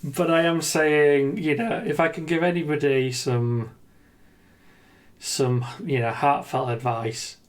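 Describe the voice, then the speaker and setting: Slow, rambling man with a high-set voice. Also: steady tone. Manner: rambling, hesitant, with frequent ums and restarts; earnest and self-deprecating. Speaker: gaming video creator. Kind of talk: unscripted reflective monologue.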